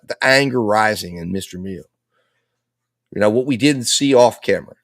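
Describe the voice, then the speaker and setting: A man's voice: mid-range voice, dry recording, studio quality. A man commenting on a live trial, laying out and arguing with the other side's case in a repetitive, persuasive way. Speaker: legal commentator.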